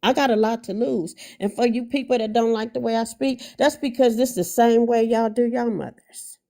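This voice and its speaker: Black woman, angry and blunt on a live, raspy low-grit voice. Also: moderate pace, mellow. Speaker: guest mother on a livestream. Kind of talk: heated livestream talk.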